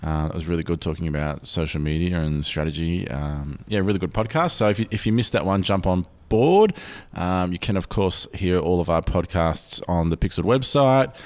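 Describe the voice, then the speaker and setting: A man's voice: low voice, expressive, moderate pace, few pauses. A man hosting a podcast, chatting loosely and often restarting his sentences. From Australia. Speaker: podcast host. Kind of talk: casual podcast chat.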